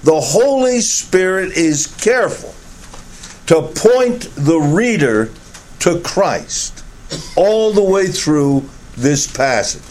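Slow, high-voiced male preacher. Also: very animated, darkish tone. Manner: slow, deliberate reading of scripture with emphatic repetition. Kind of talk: expository sermon.

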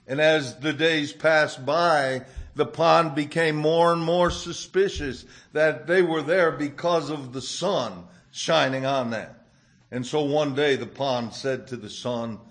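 Slow, gentle-voiced male preacher. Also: a little high. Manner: gentle, storytelling delivery. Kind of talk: sermon with storytelling.

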